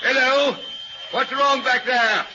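An actor playing a hurried train crewman in an old radio drama, reporting in clipped bursts. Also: very high voice, steady tone. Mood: urgent. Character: brisk, urgent male train crewman. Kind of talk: 1940s radio acting. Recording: noisy, dull old radio recording.

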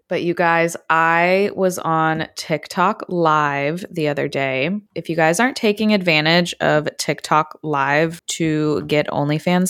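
A woman casually telling a story to her viewers, chatty and laughing often, with sudden jumps in pitch. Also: a bit bright, dry recording, clean studio sound. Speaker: adult content creator vlogger.

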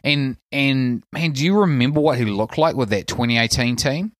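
A man's voice: mid-range voice, normal speed, no echo. A man with a New Zealand accent, co-hosting a casual sports podcast and rambling loosely with lots of fillers. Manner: relaxed rambling with many fillers. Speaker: podcast co-host. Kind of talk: casual chat.

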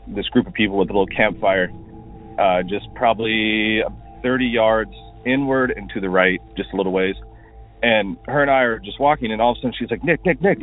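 A man from Washington State calling in to tell a rambling story, full of fillers, as a recorded voicemail. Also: lowish voice. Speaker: caller. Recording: tinny phone line.

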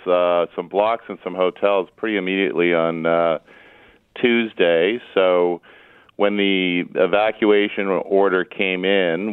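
A man with a very deep, smooth voice answers questions over the phone, stumbling and repeating words as he goes. The line is thin and tinny, with no room sound around him. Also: dry recording. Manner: halting, repeats words with many fillers. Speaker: interview guest, property company advisor. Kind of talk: phone interview.

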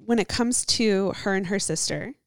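A woman's voice: medium pitch, moderate pace, vocal fry, no echo, studio quality. A young woman co-hosting a podcast, reading a listener's letter aloud with casual asides. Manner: reads aloud with asides and laughs. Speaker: podcast co-host.

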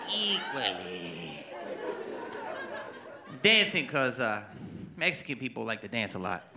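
A man performing a stand-up comedy set on stage, animated and putting on voices for his characters. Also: medium pitch, brisk. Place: comedy club stage with audience. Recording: live stage mic with loud crowd noise.

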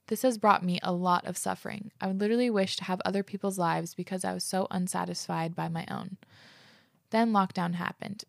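A woman's voice: mid-range voice, gravelly, dry recording, clean studio sound. A woman hosting a podcast, chatting casually and reading listener letters aloud, gushing and saying "like" often. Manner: gushing, fills speech with "like". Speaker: podcast host.

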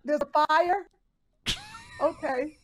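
A woman's voice: high voice, very slow, a little hiss or hum, low-quality recording. A woman co-hosting a talk show, breaking in with playful banter. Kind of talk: casual podcast chat.

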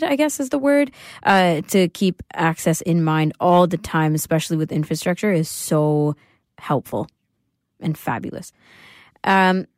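Woman, talk show host, lowish voice, encouraging, asks questions, dry close sound. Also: a little mellow, no room sound. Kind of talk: casual chat.

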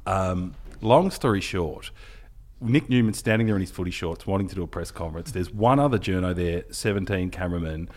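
An Australian man in his thirties telling a long funny story in casual podcast chat, jumping into loud quoted voices. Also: low voice, brisk.

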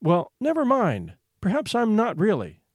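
A man's voice: high voice, wildly swooping pitch, slightly rough, no room sound, voice pushed up, heavily acted. Bitter weary mother, as a man reads her. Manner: slow, bitter, sighing replies. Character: bitter, weary adult mother worried about money.

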